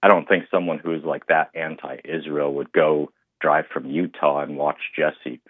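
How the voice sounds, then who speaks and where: A man's voice: rumbling low, steady tone, a little slow, no room sound. A man calling in to a talk show, speaking hesitantly with many fillers and restarts. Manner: hesitant, filler-heavy, rambling. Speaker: caller. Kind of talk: call-in phone conversation. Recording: tinny phone line.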